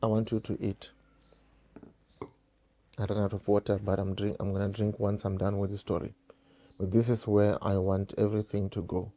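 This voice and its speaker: A man's voice: lowish voice, flat delivery, fairly quick, mellow. A South African man telling a painful personal story straight to his viewers, repeating phrases and calling them guys. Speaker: vlogger.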